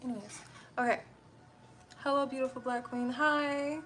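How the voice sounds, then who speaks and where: A woman's voice: sits high, steady tone, moderate pace, a bit bright, a little hiss or hum. A young woman livestreaming and chatting casually with her viewers, blunt and irritable and rambling from one thought to the next.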